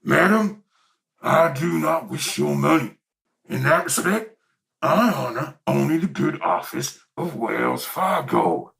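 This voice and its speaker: An actor playing a polite, educated masked stagecoach bandit who talks in a slow, formal, gravelly way. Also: male voice, fairly high pitch, lively intonation, a bit bright, distant mic, exaggerated voice. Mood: gallant. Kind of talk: audio drama acting.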